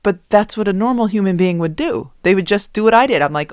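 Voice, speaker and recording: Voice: mid-range voice, expressive, fast talker, clean tone, no echo, studio quality. A co-host in a casual chat who teases their partner and laughs while talking. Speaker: podcast co-host.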